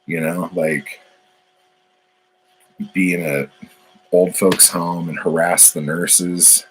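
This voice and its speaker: A man's voice: deep voice, fairly even intonation, measured pace, a little hiss or hum, low-quality recording. A man, a poet, talking in a casual, profane, meandering monologue full of fillers.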